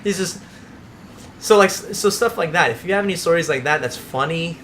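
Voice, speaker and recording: A young man hosting a casual gameplay video, telling a school story in an animated way, swearing and laughing along. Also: a little high, fairly quick, a little hiss or hum. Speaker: let's play host. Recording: faint background game music.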